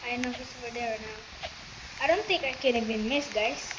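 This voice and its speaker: A woman casually comments on her own gameplay, speaking directly to her viewers with bursts of laughter, exclamations and loose, broken grammar. Her voice is slightly high and moderately paced, with heavy background noise.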